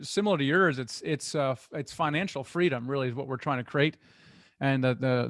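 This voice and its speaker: A middle-aged man talking as a guest in an interview, earnest and animated as he tells stories. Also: mid-range voice, no room sound, studio quality. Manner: earnest, animated storytelling with restarts. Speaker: guest, real estate investor. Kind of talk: conversational interview.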